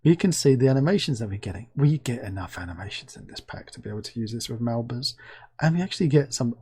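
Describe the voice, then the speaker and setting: A man hosting a casual screen-recorded software review, chatty and excitable, thinking aloud as he clicks through. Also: mid-range voice, quick pace, husky. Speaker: game asset reviewer.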